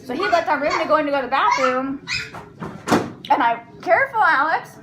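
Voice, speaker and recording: A woman's voice: sits high, fairly quick, very noisy. A young woman hosting an eating vlog at home, chatting casually between bites and rambling through a long story. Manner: rambling storyteller, talks with food in mouth. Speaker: vlog host and mother. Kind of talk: casual chat while eating. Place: family home at the table.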